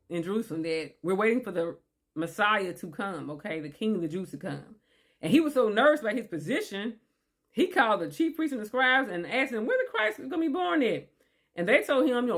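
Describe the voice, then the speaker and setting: A woman reading scripture aloud and commenting on it in a chatty, animated way, rephrasing often and talking directly to her listeners. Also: fairly high pitch. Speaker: Bible teacher. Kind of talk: casual Bible study commentary.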